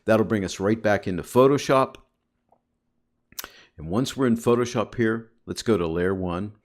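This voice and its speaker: A man with a low, deep voice talks viewers through photo editing software on screen. His delivery is casual and upbeat, and he keeps calling his audience guys. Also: moderate pace. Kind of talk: screen-recorded software tutorial.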